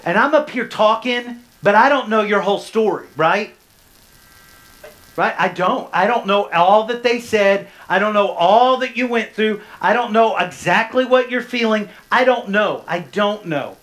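A pastor delivers a sermon to a church congregation from the front. His delivery climbs into loud, rising bursts and then drops to hushed, low passages. He keeps checking in with his listeners through repeated questions. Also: lively intonation, a little slow. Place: church sanctuary, speaking from the front.

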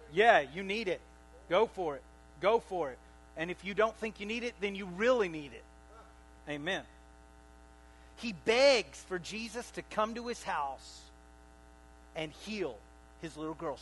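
High-voiced man preaching with lively swings. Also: slight background noise, rough recording. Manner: animated preaching, rising to loud bursts and dropping to quiet asides; asks the congregation questions. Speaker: pastor. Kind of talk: sermon.

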